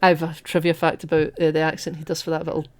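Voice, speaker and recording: A man's voice: on the high side, fast talker. Opinionated man, podcast co-host. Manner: opinionated, animated retelling, swears. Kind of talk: casual film discussion.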